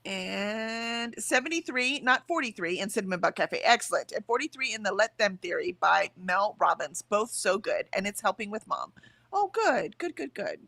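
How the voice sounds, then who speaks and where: A woman's voice: mid-range voice, normal speed, creaky, hardly any pauses, no room sound. A woman hosting a casual livestream from home, reading out chat comments and chatting with a laugh. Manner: chatty, lively, laughs often. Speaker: livestream host. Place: home, in bed.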